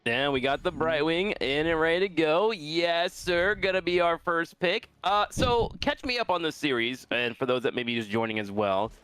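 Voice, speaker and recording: A man's voice: on the high side, normal speed, hardly any pauses, a bit bright. A man co-casting a live esports match, joking around and breaking down the draft. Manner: playful, joking banter. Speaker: esports co-caster. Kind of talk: live game commentary.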